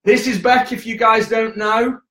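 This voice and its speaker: A young man from the UK chatting casually and hyperactively on a live stream, joking and telling quick stories. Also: very high voice, little pitch movement, sharp tone, roomy sound. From United Kingdom. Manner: hyper, jokey, quick storytelling with acted voices. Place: indoor room at home.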